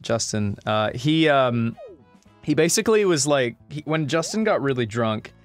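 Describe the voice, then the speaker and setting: A man from Western Australia with an Australian accent, telling a story in casual chat, animated and swearing freely. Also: mid-range voice, normal speed, faint music behind.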